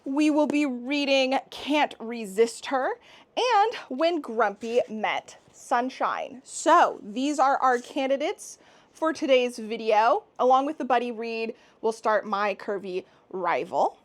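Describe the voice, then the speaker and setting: Young woman rambling about books, high voice that swoops around a lot, giggly, bit of music behind. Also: lively intonation, slow. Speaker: book vlogger. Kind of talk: casual vlog chat.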